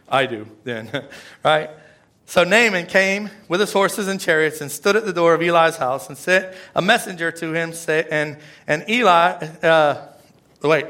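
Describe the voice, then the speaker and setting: A pastor with a high-pitched voice delivers a sermon in a relaxed, conversational manner. He shifts back and forth between loud asides and hushed, emphatic moments.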